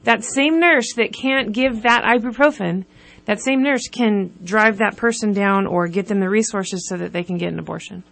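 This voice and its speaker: A woman's voice: mid-range voice, normal speed, creaky, a bit bright. A woman from California, a nonprofit guest on a talk show, speaking earnestly and stacking up points for emphasis. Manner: earnest, builds emphasis when listing points. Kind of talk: radio talk interview.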